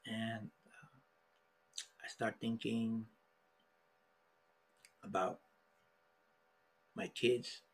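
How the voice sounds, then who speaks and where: A middle-aged man telling a personal story in an emotional, halting way, with many restarts. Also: on the low side, flat delivery, slightly rough. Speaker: podcast guest.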